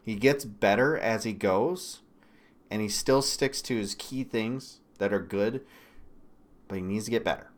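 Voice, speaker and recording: A man from Michigan hosting a political commentary livestream. He talks bluntly and swears often, with sudden loud bursts between quieter asides. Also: lowish voice, measured pace. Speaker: livestream host.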